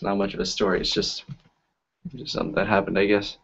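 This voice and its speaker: A man's voice: deep voice, flat delivery, quick pace, gravelly, a bit bright, breathy edge. A man who is a magician, chatting casually on a live stream and telling rambling stories full of fillers. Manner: rambling, filler-heavy storytelling. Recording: dull lo-fi audio.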